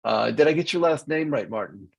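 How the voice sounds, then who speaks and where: Host, male, creaky gravelly voice, halting casual delivery over a video call. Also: medium pitch, animated, poor audio. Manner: hesitant, filler-heavy, restarts. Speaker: meeting host. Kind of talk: casual online meeting chat.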